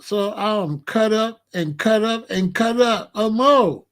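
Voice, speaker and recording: A male host tells a dramatic yet funny personal story, his voice sitting a touch high. He talks in an animated way, laughing at his own lines and acting out the people in the story. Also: slow pace. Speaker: show host.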